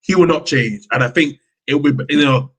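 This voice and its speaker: Bloke, passionate football fan, mid-pitched voice, keeps restarting his sentences. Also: fairly quick, slightly rough. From Yorkshire, England. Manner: animated, passionate fan talk with many restarts. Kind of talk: casual live-stream football chat.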